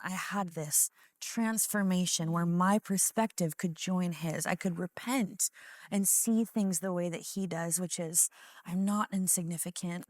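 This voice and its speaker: A woman's voice: lowish voice, a little mellow, dry recording. A woman talks through a personal faith story on a talk show set, earnest and reflective. She slips into quoted inner dialogue as she goes. Her voice is close and dry, with little room sound. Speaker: worship leader guest.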